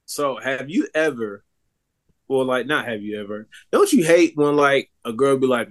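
A man's voice: mid-range voice, lively intonation, normal speed. A young man co-hosting a casual podcast, talking in a loose, rambling way with many fillers and restarts. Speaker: podcast co-host. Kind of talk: casual chat.

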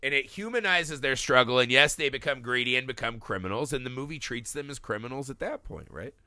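Man, casual film podcast rant, profane, very bright tone, dry sound. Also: mid-range voice, brisk, dry recording. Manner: animated, ranting, swears often, laughs. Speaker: podcast co-host.

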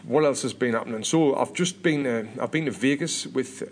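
A man's voice: mid-range voice, a little fast, a little hiss or hum. A British man in his thirties hosting a podcast, chatting casually and rambling with lots of restarts and repeated words. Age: 30s. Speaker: podcast host.

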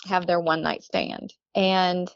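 A woman's voice: fairly low pitch, little pitch movement, slow pace, creaky, dry recording, dull audio. A woman telling a personal story in casual conversation, chatty, often laughing and acting out what others said. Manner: chatty, laughs often, acts out quoted people. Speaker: guest telling her story.

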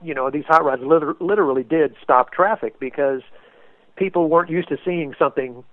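Excitable man on a tinny phone line. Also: a little high, brisk, dry recording. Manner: excitable, acts out quotes with sudden loud bursts. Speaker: interview guest, race car paint designer. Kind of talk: animated storytelling.

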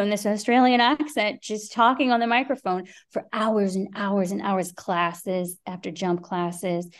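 A middle-aged woman guest on a podcast, telling a story in a lively way, acting out quotes and swearing freely. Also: medium pitch. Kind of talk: animated storytelling.

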